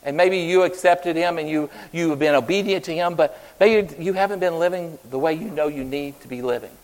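A man preaching an Easter sermon with a fairly high voice. He speaks earnestly and swings between loud, urgent stretches and soft, low passages. His words ring out with a long reverb, as if from a large hall. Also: a little fast. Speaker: pastor.

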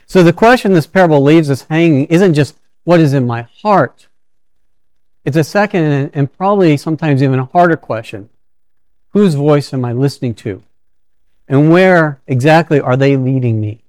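A man's voice: a little high, moderate pace, darkish tone, clean tone, dry recording. A man preaching a sermon in a conversational storytelling way, often restarting his sentences.

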